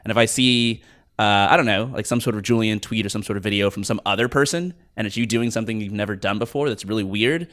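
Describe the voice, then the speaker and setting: A man's voice: fairly low pitch, fast talker, a bit bright. A man in casual chat, joking and teasing the others.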